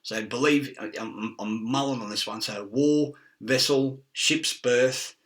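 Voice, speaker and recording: A man's voice: medium pitch, steady tone, unhurried, a bit bright, far from the mic. A middle-aged man, rambling through a profane monologue, laughing and chasing wordplay and word origins.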